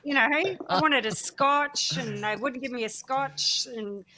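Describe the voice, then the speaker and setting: An Australian woman guesting on a chat show, telling stories in an animated way with lots of fillers. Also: high voice, unhurried, background noise. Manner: animated storyteller with fillers and laughs. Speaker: guest, former reality show housemate. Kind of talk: casual chat.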